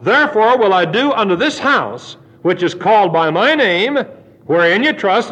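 A man preaching a sermon, reading scripture aloud slowly and deliberately. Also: sits high, a bit bright. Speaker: pastor. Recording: dull lo-fi sermon recording.

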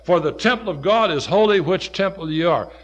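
A male preacher delivering a sermon with a somewhat high voice. His pitch swings widely as he climbs to emphatic, loud peaks and then sinks low and quiet. He reads scripture in its old wording. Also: expressive, fairly quick. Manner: quotes scripture in old King James wording.

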